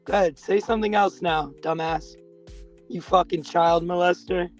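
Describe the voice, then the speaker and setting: A man's voice: sits high, steady tone, moderate pace, faint music behind. A man with a youthful-sounding voice calling into an online voice chat, hot-tempered and hurling crude insults. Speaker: caller in a voice chat. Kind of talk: heated trash talk.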